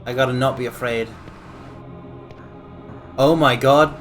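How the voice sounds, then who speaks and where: Excitable man streaming a game. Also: medium pitch, soft background music. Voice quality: excitable, rambling, quick to exclaim. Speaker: livestreamer playing a video game. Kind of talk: casual gameplay commentary.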